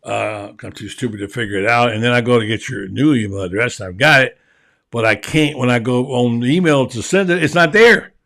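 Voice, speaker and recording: A man hosts a sports talk show at an even middle pitch. He rambles in a folksy, self-deprecating way and then circles back to his point. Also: fairly quick, creaky. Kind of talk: casual radio sports talk.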